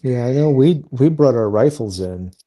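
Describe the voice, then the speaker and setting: Laid-back man with a mellow voice. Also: medium pitch, lively intonation, normal speed. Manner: laid-back, short agreeing replies. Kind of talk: casual chat.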